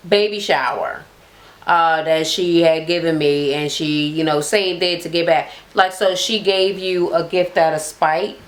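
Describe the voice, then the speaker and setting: Foul-mouthed woman recapping a reality show. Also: fairly low pitch. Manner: heavy swearing, slangy, drawling; acts out quoted people in a raised voice. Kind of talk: casual profane recap.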